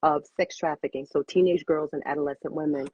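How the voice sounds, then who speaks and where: Interview guest, woman in her fifties, husky and dry, heartfelt storyteller who repeats lines for emphasis, slightly dull sound. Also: low voice, fast, no echo. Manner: expressive, repeats phrases for emphasis. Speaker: cigar bar owner and guest. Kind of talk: emotional personal storytelling.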